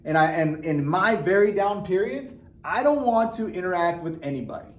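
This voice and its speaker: A man talking earnestly to his viewers in a casual motivational vlog, animated and full of restarts and fillers. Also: high-pitched, moderate pace. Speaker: vlogger. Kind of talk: casual motivational talk to camera.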